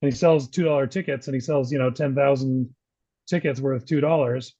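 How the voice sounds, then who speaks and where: A man's voice: medium pitch, fairly even intonation, fairly quick, mellow, dry recording, dull audio. A man co-hosting a casual business talk show, reading points from notes and then asking his partner questions. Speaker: podcast co-host.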